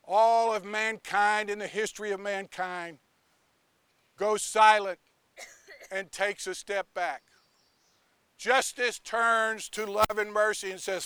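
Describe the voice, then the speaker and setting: High-voiced, animated male preacher. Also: takes it slowly, pauses often, clean tone, dry recording. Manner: animated, theatrical. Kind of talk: storytelling sermon.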